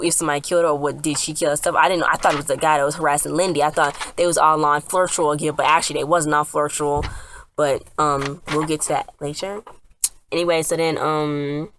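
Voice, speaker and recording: A woman's voice: low-pitched, flat delivery, brisk, a bit bright, slight background noise. A woman casually recapping a TV episode, rambling with lots of fillers and restarts. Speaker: TV episode reviewer.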